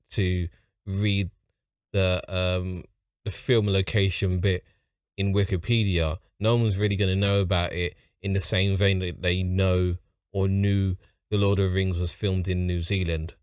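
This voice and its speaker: A man's voice: low voice, little pitch movement, a little slow, smooth, dry recording, clean studio sound. A man with a London accent hosting a reaction video, talking in a rambling, offhand way and chuckling at his own remarks. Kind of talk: casual reaction commentary.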